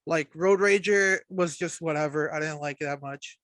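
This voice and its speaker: A man's voice: fairly high pitch, moderate pace, fairly bright tone, no room sound. A man co-hosting a podcast, ranting heatedly and swearing freely in casual wrestling talk. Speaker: podcast co-host.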